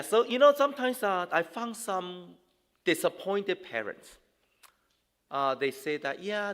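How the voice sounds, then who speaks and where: Preaching to a young audience in a church hall, a male pastor speaks in a fairly bright voice on the high side. He's conversational, with lots of fillers and restarts, and the hall adds a long reverb.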